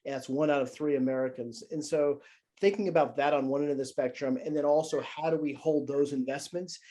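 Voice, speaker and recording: A man's voice: a little high, steady tone, a little fast, warm tone. A man speaking on a panel over a video call, impassioned and rhetorical. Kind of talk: panel discussion.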